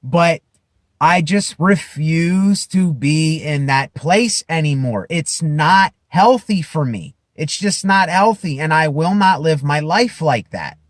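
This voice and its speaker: A man giving an impassioned self-help monologue to camera, emphatic and repetitive, building at times to loud declarations. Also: on the high side, lively intonation, dry recording, studio quality. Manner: slow, emphatic, repeats phrases, rises to shouting declarations. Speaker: vlogger.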